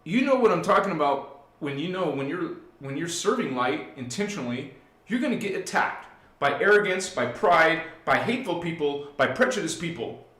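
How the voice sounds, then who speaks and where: A man's voice: fairly high pitch, animated, moderate pace. Emphatic man preaching in an echoey room. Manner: emphatic, swings from hushed to loud; preachy, addresses listeners directly. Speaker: spiritual channel host. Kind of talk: live-streamed spiritual talk.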